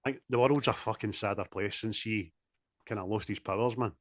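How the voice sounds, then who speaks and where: A man in casual, sweary film chat, animated and quick to laugh, talking over a video call. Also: fairly low pitch, no echo, clean studio sound. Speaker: podcast co-host.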